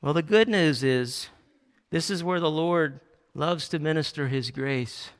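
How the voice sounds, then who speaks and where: A male pastor preaching a sermon, animated, acting out quoted Bible lines with a raised voice. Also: on the high side, unhurried. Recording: long hall reverb.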